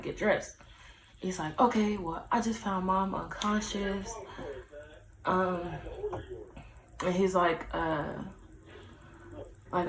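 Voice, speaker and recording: A woman's voice: medium pitch, a little hiss or hum. A young woman telling a personal story to her camera in a casual, chatty way, full of fillers and acted-out dialogue. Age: young adult. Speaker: vlogger. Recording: echoey room.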